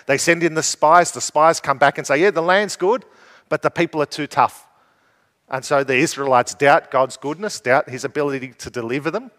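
A man with a slightly high voice preaches a conversational sermon, asking his listeners rhetorical questions. His voice rings with the long reverb of a church hall. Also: a bit bright.

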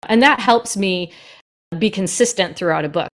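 A woman who narrates audiobooks, chatting in a podcast about her craft, quick and lively in her delivery. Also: medium pitch. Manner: fast, lively and animated. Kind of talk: casual podcast conversation.

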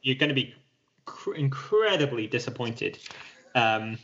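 A man's voice: medium pitch, expressive, unhurried, a bit bright. Self-deprecating British man, lo-fi. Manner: self-deprecating, rambling with restarts. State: keeps clearing his throat. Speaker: podcast co-host. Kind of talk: casual chat. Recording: slightly dull lo-fi sound.

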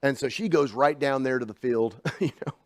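Male preacher, middle-aged, chatty storytelling sermon with big swings in loudness, dry recording. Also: medium pitch, moderate pace, dry recording. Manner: swings from hushed asides to loud emphatic bursts.

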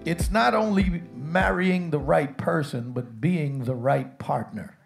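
A man's voice: a little high, takes it slowly, creaky, faint music behind. A man preaching a humorous sermon as pastor, telling jokes and calling on his congregation to answer back. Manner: call-and-response with congregation, jokey. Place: church sanctuary with congregation.

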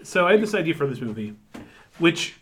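A man in a casual chat, talking in quick bursts with many fillers and restarts. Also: a little high, sing-song, fairly bright tone, slight background noise. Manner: rapid, filler-heavy, restarts often. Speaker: podcast co-host.

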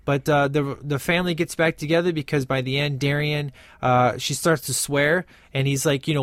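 A man's voice: mid-range voice, fairly even intonation, normal speed, few pauses, fairly bright tone, no echo, studio quality. A man giving a casual spoken film review, rambling with lots of "uh" and "you know" and quoting lines from the movie. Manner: rambling, many fillers, quotes lines from the film.

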